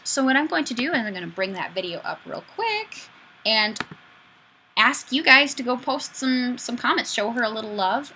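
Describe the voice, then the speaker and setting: A woman hosting a casual live webcam show in a playful, animated manner. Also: medium pitch, a little hiss or hum. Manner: playful, animated, often laughing.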